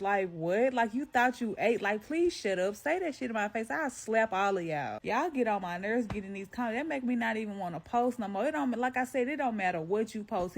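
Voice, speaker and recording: A woman's voice: fairly high pitch, lively intonation, normal speed, few pauses. A woman ranting to camera in a sassy, heated, mocking way. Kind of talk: casual rant to camera.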